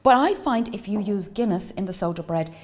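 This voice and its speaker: A brisk, lively Irish woman with a mid-range, slightly mellow voice runs a cooking demonstration in a room with a big sound. Teaching baking, she's enthusiastic and talkative, passing along tips and asides while working.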